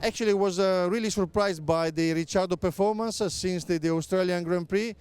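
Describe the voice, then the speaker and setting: A middle-aged man with an Italian accent, a native Italian speaker answering interview questions as a motorsport pundit, pausing often on filler sounds and restarting his phrases. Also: sits high, steady tone, a little mellow, clear, resonant tone, dry recording. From Italy. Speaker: motorsport pundit, former racing driver.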